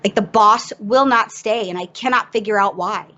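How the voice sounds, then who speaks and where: A woman chats on a podcast and tells a story against herself, lively and laughing at her own blunders. The audio is dull and lo-fi, as if through a cheap mic. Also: medium pitch, moderate pace. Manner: animated, self-mocking, laughs through the story. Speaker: podcast guest. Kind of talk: casual storytelling chat.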